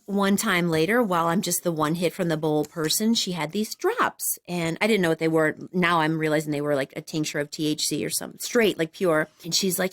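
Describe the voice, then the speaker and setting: A woman in her forties hosting a casual chat, telling a funny story and jumping up high when she acts out what people said. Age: 40s. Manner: animated, acts out quoted voices in high bursts. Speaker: podcast host.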